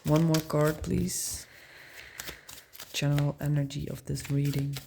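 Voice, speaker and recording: A woman's voice: low-pitched, little pitch movement, a little slow, gravelly, background noise. A woman giving a casual tarot reading, musing aloud in slang and laughing often. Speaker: tarot reader.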